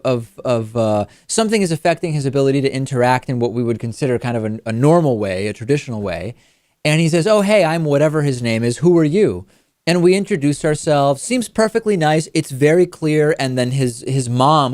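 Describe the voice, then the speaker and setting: A man's voice: mid-range voice, darkish tone, dry recording, clean studio sound. A man hosting a talk show, telling a casual anecdote with frequent restarts. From Massachusetts. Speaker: host.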